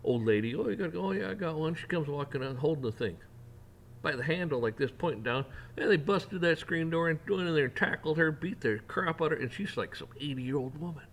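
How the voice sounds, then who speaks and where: A man delivering a heated opinion rant, mocking officials in sarcastic put-on voices and building up to near shouting. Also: on the high side, fairly quick, slight background noise. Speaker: rant channel host.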